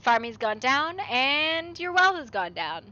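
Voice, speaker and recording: A woman's voice: sits high, very animated, unhurried, pushed and bright, dull audio. A young woman streaming a game, chatting casually, swearing and reading game text aloud. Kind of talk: game live stream commentary.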